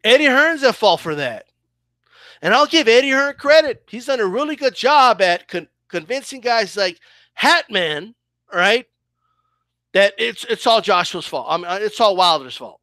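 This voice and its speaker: A man rants about boxing in a fired-up voice and keeps asking "okay?" and "right?". His voice is high and bright. It sounds dry and close. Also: sing-song, normal speed, no room sound. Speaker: boxing commentator. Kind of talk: heated opinion rant.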